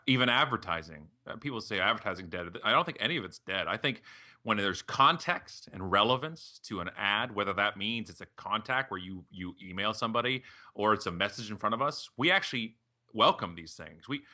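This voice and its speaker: A middle-aged man, a podcast guest and author, chatting casually and acting out the voices of people in his stories. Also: mid-range voice. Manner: animated, acts out quoted voices when telling stories. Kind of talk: casual storytelling conversation.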